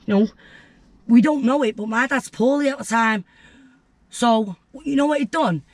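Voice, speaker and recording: A woman's voice: fairly high pitch, normal speed, no room sound. A young woman, a guest telling her story bluntly and vividly, acting out what others said. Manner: blunt, vivid storytelling that acts out voices, with swearing. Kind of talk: candid storytelling interview.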